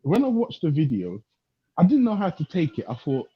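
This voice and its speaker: A man in a casual group voice chat, talking in a weary, drawn-out way. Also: fairly high pitch, wildly swooping pitch, roomy sound. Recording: noisy dull online call audio.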